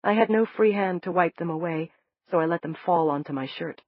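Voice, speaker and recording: A woman with a low, breathy voice reads a novel aloud in the first person, soft and measured. The sound is dry and a little dull, as if from a lo-fi recording. Her telling carries a quiet emotional weight. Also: no echo. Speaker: audiobook narrator.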